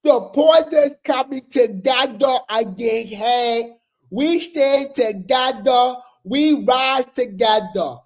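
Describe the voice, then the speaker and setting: Casting: host putting on a mock-solemn fan voice, drawn-out proclaiming, mid pitch. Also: soft background music. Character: impression of a gushing fan-flyer reader, slow and solemn. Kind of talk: comedic impression.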